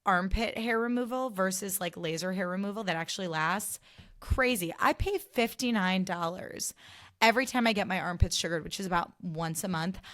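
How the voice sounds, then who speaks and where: A woman talks alone into her podcast mic, loose and chatty. She drops in sarcastic asides and leans on filler words as she recaps and rants. Her voice sits at an ordinary middle pitch for a woman. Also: a bit bright. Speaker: podcast host. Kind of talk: casual solo podcast chat.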